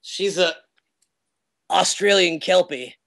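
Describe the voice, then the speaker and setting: Rambling man, somewhat high voice. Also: takes it slowly, fairly bright tone. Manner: rambling, loose, lots of fillers and self-corrections. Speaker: remote guest speaker at a meetup. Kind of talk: casual chat.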